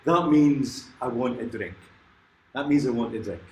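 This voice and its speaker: This folk singer, livestreaming from home during lockdown, fills the gaps between songs with rambling chat and frequent chuckles. He speaks in an unhurried mid-range voice, with a little hiss or hum, a roomy echo and guitar in the background.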